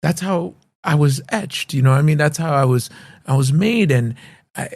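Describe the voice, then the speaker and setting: A man hosting a casual interview, talking in a halting way with frequent restarts and "you know" fillers. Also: a little high, darkish tone. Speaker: host and martial arts school owner.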